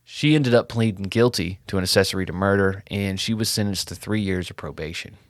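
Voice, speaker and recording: A man co-hosting a true crime podcast, retelling the case in a relaxed, casual way and swearing now and then. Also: sits low, fairly quick, dry recording, clean studio sound. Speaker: podcast co-host.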